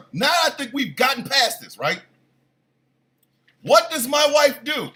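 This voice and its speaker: Lively, high-pitched storytelling man. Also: slow. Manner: animated, loud bursts of disbelief. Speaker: morning show host. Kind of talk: casual comic storytelling.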